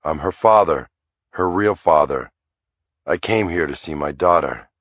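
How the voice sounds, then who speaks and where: A man's voice: a bass voice, a little slow, a bit bright, no room sound, clean studio sound, full character voice. A man doing a sad young father. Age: 20s. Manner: subdued, earnest. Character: emotional young man in his late twenties, sad and earnest.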